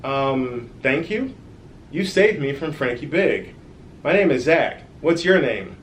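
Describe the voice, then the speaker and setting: A man's voice: mid-range voice, animated, takes it slowly, slight background noise. A man reading a children's storybook aloud, voicing a brave and kind schoolboy hero in an earnest, slightly raised voice.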